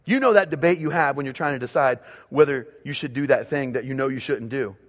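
A man's voice: medium pitch, fast talker. A man preaching a sermon as pastor, speaking emphatically and repeating key phrases for his congregation. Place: church auditorium. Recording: long reverb of a large hall.

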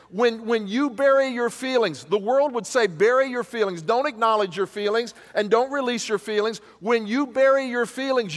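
A man's voice: sits high, a bit bright. A man preaching a sermon as pastor, emphatic, with rhetorical questions and repetition, to a congregation in a church. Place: church hall. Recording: reverberant church hall.

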